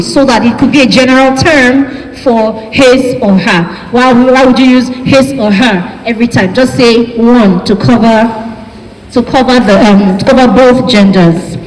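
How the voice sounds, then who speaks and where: High slow Nigerian woman lecturing in a hall. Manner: chatty, asks the class questions. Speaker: university lecturer. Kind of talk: classroom lecture. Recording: echoey hall with faint ambience.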